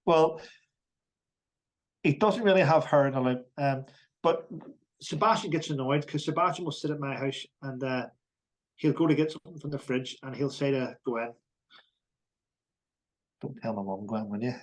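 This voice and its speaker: Higher-voiced male podcast guest, halting. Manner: halting, repeats words, frank. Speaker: army veteran guest. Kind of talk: casual podcast chat.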